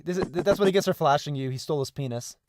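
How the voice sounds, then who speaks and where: A man's voice: on the high side, fast talker, darkish tone. A man co-hosting a podcast, rambling casually and restarting his words as he talks. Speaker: podcast co-host. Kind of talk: casual chat.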